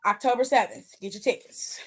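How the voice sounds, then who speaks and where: A woman's voice: on the high side, steady tone, a little fast. A young woman hosting a casual wrestling aftershow stream, sassy and chatty, talking back to her chat and calling viewers pet names.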